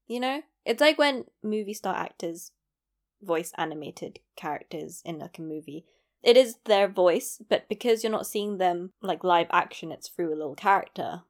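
A young woman and aspiring voice actor, talking casually to camera in a chatty, self-deprecating way, laughing often. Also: mid-range voice.

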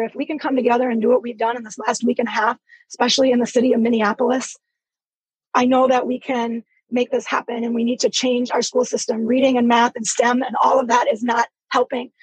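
A woman's voice: fairly high pitch, a little mellow, slightly rough, no echo, low-quality recording. An earnest, urgent woman asking a long, emphatic question in an online panel discussion. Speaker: caller.

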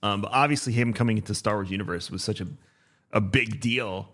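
A man's voice: on the low side, brisk, a bit bright. A man in his thirties co-hosting a casual podcast, talking in an easygoing, rambling way with many ums. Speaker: podcast co-host.

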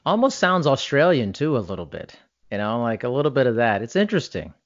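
A man's voice: medium pitch, sing-song, no echo, muffled recording. Upbeat American man hosting a podcast. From United States. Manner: upbeat, chatty, with slow deliberate intro phrasing. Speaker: podcast host.

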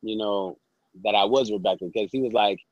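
A man's voice: fairly low pitch, a little fast, no echo, highs cut off. A man, a podcast guest, telling his stories casually and animatedly and acting out the people in them. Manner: animated storyteller who acts out quoted voices. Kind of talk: casual storytelling interview.

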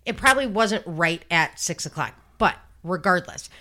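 A woman's voice: lowish voice, animated, normal speed, bright, forceful tone. A woman hosting a true-crime podcast, talking through a case in casual, blunt chat and swearing freely. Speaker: podcast host.

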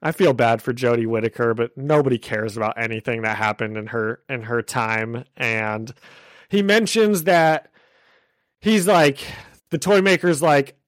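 A young man co-hosting a podcast, recapping a show in an excited, rambling way full of "like". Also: mid-range voice, unhurried, dry recording. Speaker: podcast co-host. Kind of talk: casual chat.

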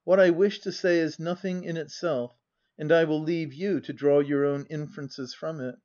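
A man playing a smooth, insinuating young gentleman who speaks quietly and measured, on a dull lo-fi audiobook recording. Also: a little high, steady tone, lightly acted. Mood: hushed. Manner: quiet and measured, sometimes murmured.

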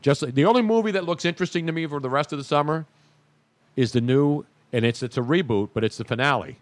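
A man's voice: on the high side, quick pace, no echo. A man hosting a casual sports talk show, emphatic and jokey. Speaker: host.

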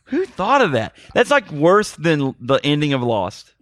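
Man, podcast co-host, sarcastic, animated, higher voice, dry close mic. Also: a little slow, no echo. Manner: sarcastic, animated, addresses listeners as folks. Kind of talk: casual movie-review chat.

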